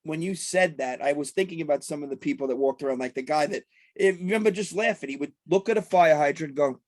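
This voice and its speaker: A man's voice: fairly high pitch, fast, darkish tone, no room sound. A man co-hosting a casual chat, talking easily and filling gaps with "you know". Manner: chatty, laughing, keeps saying "you know". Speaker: podcast co-host.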